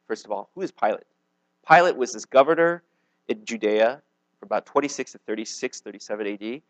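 Poor audio with no room sound captures a medium-pitched male pastor preaching conversationally. He keeps checking in with listeners using "okay?" and "right?", and frequently stumbles and restarts his sentences.

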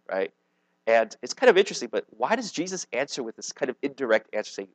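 A man's voice: mid-range voice, expressive, a little fast, vocal fry, no echo, poor audio. A man preaching a sermon in a conversational way, often checking in with his listeners and restarting his sentences. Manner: conversational, checks in with "okay?" and "right?"; frequent restarts and stumbles. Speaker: pastor.

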